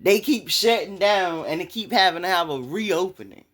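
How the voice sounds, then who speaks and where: Lively woman preaching faith, lots of repetition. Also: fairly low pitch, moderate pace. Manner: conversational, preachy, repeats phrases for emphasis. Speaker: inspirational speaker. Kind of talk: motivational faith talk.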